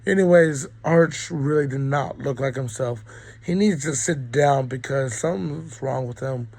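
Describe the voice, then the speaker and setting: A man's voice: medium pitch, a little slow, gravelly, a little mellow, dry recording, low-quality recording. A young man with a cold giving a rambling, opinionated college football recap, full of ums. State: sick, coughing. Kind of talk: casual sports recap monologue.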